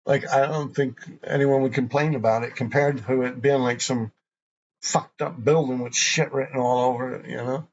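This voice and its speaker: Hosting a graffiti show, this man spins loose, meandering stories full of swearing and frequent laughter. His voice is medium-pitched with fairly even intonation at a moderate pace, and the recording sounds muffled.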